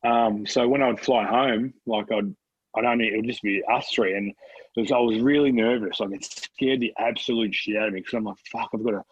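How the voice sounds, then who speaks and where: Laid-back Australian man, husky and swearing. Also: fairly low pitch, fairly even intonation, fairly quick, no echo, lo-fi sound. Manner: laid-back, swears freely, laughs often. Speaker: podcast guest. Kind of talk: casual chat.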